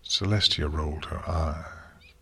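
A man narrating a storybook reading in a steady, even manner. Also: very deep voice, takes it slowly, gravelly, slightly rough.

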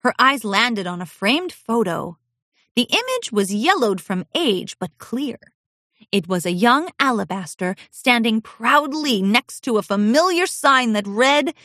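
Animated woman reading a storybook aloud. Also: fairly high pitch, unhurried, no room sound, studio quality. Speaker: narrator. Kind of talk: storybook read-aloud narration.

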